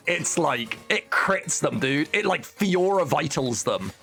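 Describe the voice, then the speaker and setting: A man streaming a game, talking in a loose, rambling way. He cracks jokes, swears freely and keeps throwing in "dude". Soft music plays quietly behind him. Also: on the high side, expressive, slow pace, vocal fry, few pauses. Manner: rambling, joking, swears and says "dude" often. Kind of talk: casual gameplay chat.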